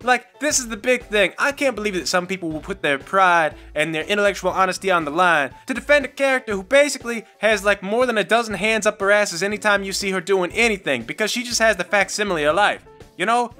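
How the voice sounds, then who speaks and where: Bright-voiced woman riffing sardonically. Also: mid-range voice, quick pace, soft background music. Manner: rambling, sardonic, animated storytelling. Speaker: video commentator. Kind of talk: casual spoken commentary.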